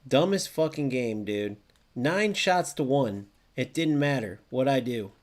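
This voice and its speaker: A young man streaming a football video game, reacting loudly to plays, swearing often and answering viewers in chat. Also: mid-range voice, animated, a little slow. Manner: chats with live viewers by name. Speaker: gaming streamer. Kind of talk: live gameplay commentary.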